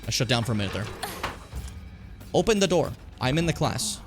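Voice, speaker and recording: A man's voice: medium pitch, big pitch swings, fairly quick, music in the background. A man streaming a game, chatting in a loose, rambling, self-deprecating way and swearing freely. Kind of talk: casual live-stream commentary.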